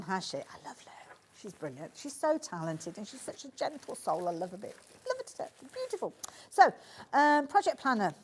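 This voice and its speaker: A woman's voice: mid-range voice, darkish tone. A woman with a Birmingham accent presenting sewing products on a live shopping channel, chatty and enthusiastic with lots of asides. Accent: Birmingham (Brummie). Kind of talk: live TV sales demonstration.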